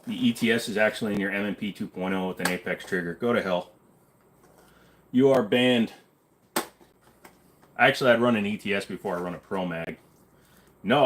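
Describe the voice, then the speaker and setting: A man's voice: lowish voice, background noise. A man hosting a casual livestream and answering chat in a blunt, offhand way, swearing now and then. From Canada. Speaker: livestream host reading chat.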